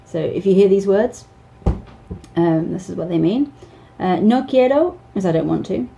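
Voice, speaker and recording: A woman's voice: on the low side, moderate pace, vocal fry, warm tone, a little hiss or hum, rough recording. A woman in her thirties, an English teacher, gives casual advice with many ums, restarts and small laughs.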